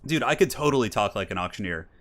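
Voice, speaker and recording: A man's voice: fairly low pitch, lively intonation, fast, a bit bright. A young man casually commentating a strategy game tournament on a live stream, chatting with viewers and reacting to the replays. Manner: chatty, upbeat, reads and answers chat.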